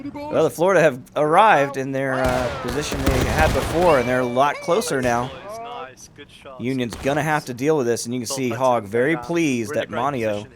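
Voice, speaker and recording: Man, game commentator, amused play-by-play, medium pitch, battle crowd noise behind. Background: crowd and gunfire of a large online battle.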